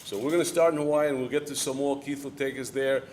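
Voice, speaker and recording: Fast and darkish in tone, this mid-range male voice holds fairly even intonation over a little hiss or hum. He's a middle-aged head football coach answering questions at a club luncheon, plainspoken and repeating key lines in coaching-talk rhythm, in an event hall before a live audience.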